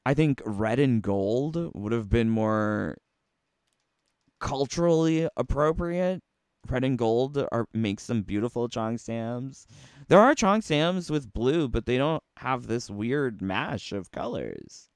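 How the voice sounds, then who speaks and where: A man talking through game costumes in a sassy, playful way, his pitch swooping up and down as he fires off rhetorical questions. He speaks at an unhurried pace in a smooth, clear voice, recorded dry and close. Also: expressive, no echo. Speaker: gaming YouTuber. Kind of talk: casual commentary on game costumes.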